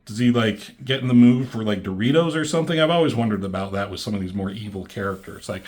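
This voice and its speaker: A man's voice: on the low side, expressive, fast, a little mellow. A man casually reviewing a comic book, rambling and swearing freely, with lots of ums and likes. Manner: rambling and profane, many fillers like "um" and "like".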